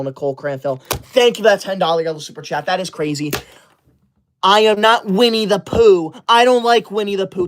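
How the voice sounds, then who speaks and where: A man in his twenties hosting a livestream, reading chat comments and scolding viewers like a strict teacher. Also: high voice. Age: 20s. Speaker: livestream host.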